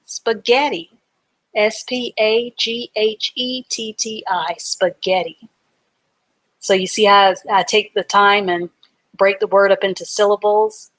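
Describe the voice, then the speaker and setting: A woman's voice: medium pitch, no echo. A woman teaching a live online reading class, patiently sounding out words letter by letter and syllable by syllable.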